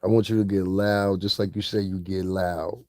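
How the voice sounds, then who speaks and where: A man's voice: sits low, level tone, moderate pace, darkish tone, dry recording, studio quality. A man vlogging in a confrontational rant, profane and taunting, breaking into laughter at times.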